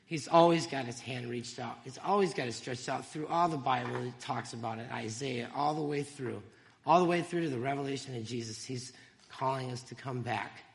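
A man giving an emotional, halting church testimony, with fillers and small laughs. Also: mid-range voice, creaky, long reverb tail, a little hiss or hum.

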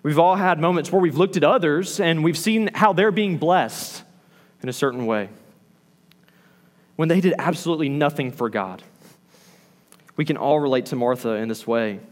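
A man preaching a sermon as a pastor, animated, acting out the lines he quotes. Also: a little high, normal speed, pauses often, long reverb tail.

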